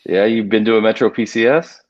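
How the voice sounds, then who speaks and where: A man's voice: lowish voice, quick pace, muffled recording. A man co-hosting a podcast, chatting casually and telling loose, joking stories. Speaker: podcast co-host. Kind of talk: casual chat.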